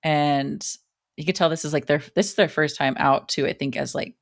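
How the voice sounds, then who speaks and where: A woman co-hosting a podcast, chatting casually about a horror film, full of likes and ums and quickly acting out lines. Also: deep voice, steady tone, vocal fry, dry recording, studio quality. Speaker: podcast co-host.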